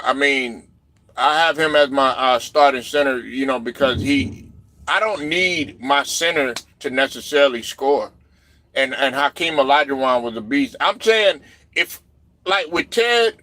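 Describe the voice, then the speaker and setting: A man hosting a loose sports talk stream, rambling with plenty of fillers and asides. His voice sits at an ordinary middle pitch. The sound is dry, with no room around it. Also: normal speed, pushed and bright, dry recording. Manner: loose, rambling, lots of fillers and "you know what I'm saying". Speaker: livestream host reading chat.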